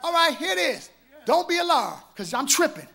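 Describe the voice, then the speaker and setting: A man pastor preaching an Easter sermon live in a church on a handheld mic, exuberant and shouting, laughing and trading call-and-response with the congregation. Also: very high voice, very animated, moderate pace, vocal fry. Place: church sanctuary. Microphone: handheld microphone.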